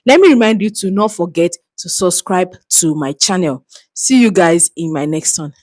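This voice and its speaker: A woman vlogger commenting on a clip in an animated way. She laughs often and exclaims as she talks. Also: fairly low pitch, moderate pace. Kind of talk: reaction video commentary.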